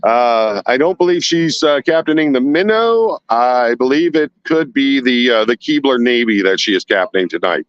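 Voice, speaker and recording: A man's voice: mid-range voice, expressive, normal speed, few pauses, clean tone. Indignant live-streaming man, dull phone audio. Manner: indignant rhetorical questioning, chatty asides. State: sweating. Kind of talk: casual live stream, reading chat. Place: outdoors downtown at night. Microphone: handheld phone.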